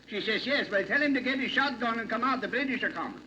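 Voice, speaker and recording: A man's voice: very high-pitched, animated, fast talker, pushed and bright, pitched above the performer's own voice, heavily acted. A man playing a rambling old Pennsylvania Dutch professor who tells jokes in dialect, on a dull, hissy old recording. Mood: folksy. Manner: folksy, rambling joke-telling in dialect. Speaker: comic monologue character. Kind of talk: vintage comedy routine.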